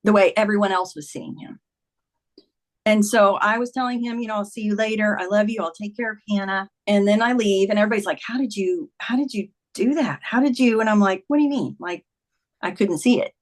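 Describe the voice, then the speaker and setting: A woman's voice: mid-range voice, a little fast. A woman in her fifties, a podcast guest, earnestly retelling a personal story in conversation, with many "like"s.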